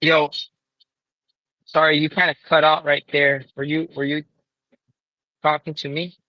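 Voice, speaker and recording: A man's voice: on the high side, little pitch movement, a little slow, no echo. Laid-back man on dull lo-fi audio. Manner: laid-back, says "yo" a lot. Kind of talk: casual livestream chat.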